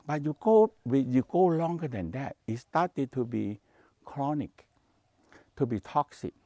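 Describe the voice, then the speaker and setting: A man's voice: medium pitch, lively intonation, unhurried, mellow, no room sound, dull audio. A man teaching Taoist meditation practice, speaking English with non-native grammar in short, repeated phrases. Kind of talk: spoken teaching to a workshop.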